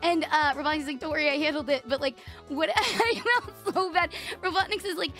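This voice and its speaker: A woman streamer telling a story to her chat in a rambling, animated way, laughing often and swearing freely. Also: sits high, a little fast, soft background music. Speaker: VTuber streamer.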